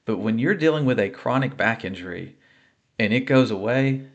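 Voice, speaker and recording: A man's voice: mid-range voice, expressive, moderate pace, muffled recording. A man sharing a personal faith testimony of healing, speaking earnestly and conversationally with fillers and restarts.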